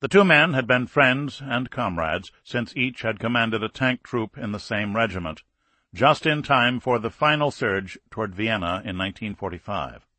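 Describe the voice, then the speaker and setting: A man narrating an audiobook thriller in a measured, scripted reading. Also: lowish voice, lively intonation, bright, forceful tone, no room sound.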